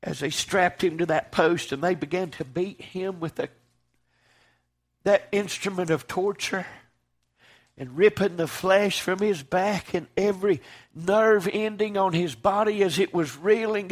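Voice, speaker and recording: Male preacher, higher-pitched voice, impassioned sermon with sharp loud-to-soft swings. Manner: fervent, swings from loud declaiming to hushed.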